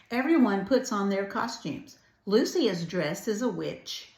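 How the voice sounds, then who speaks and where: An older woman reading a children's storybook aloud, gentle and adding chatty asides. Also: mid-range voice, expressive, unhurried, hardly any pauses, a little hiss or hum. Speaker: grandparent storyteller. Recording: roomy echo.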